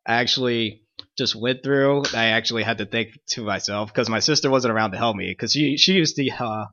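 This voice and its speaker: A man appearing as a podcast guest, talking in a relaxed way with some hesitant fillers and chuckles. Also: mid-range voice, brisk, dull audio. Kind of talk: casual chat.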